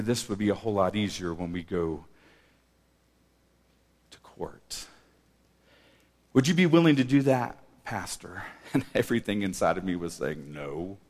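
A male pastor telling a personal story in a sermon, swinging from hushed tones to loud bursts and laughing often. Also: on the low side. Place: church sanctuary. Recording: church hall reverb.

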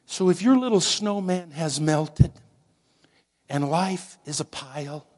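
A man preaching a sermon slowly and dramatically, dropping at times to a hushed near-whisper for emphasis. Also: fairly high pitch. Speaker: pastor.

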